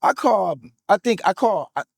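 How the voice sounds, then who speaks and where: A man in his thirties telling his story in an interview, excitable and hyped, full of "like, like" fillers, street slang and swearing. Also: high-pitched, normal speed, vocal fry, husky, no echo, studio quality.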